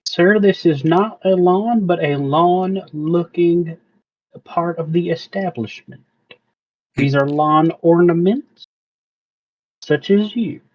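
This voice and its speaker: A man's voice: sits high, takes it slowly. A man voices a fussy, excessively courteous shopkeeper who speaks in stiff, old-fashioned phrases. His tone stays proper and formal. The audio is dull and lo-fi. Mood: prim. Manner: stiff, archaic politeness. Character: overly formal polite shopkeeper man, prim.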